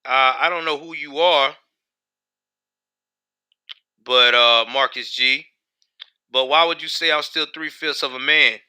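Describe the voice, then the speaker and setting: A man's voice: mid-range voice, unhurried, pauses often, pushed and bright, clean tone. A man hosting a live stream, talking back to his chat in heated, profane commentary. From United States. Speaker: livestream host.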